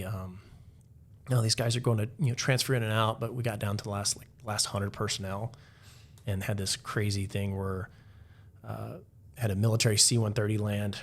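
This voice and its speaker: A man as a podcast guest, telling a story in a loose, casual way, with lots of "like" fillers. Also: fairly low pitch.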